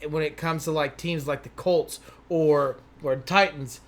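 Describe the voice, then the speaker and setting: A man's voice: a little high, fairly even intonation, a little slow. A man co-hosting a sports talk show, reading out viewer comments and chatting casually. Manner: reads comments, chatty and agreeable.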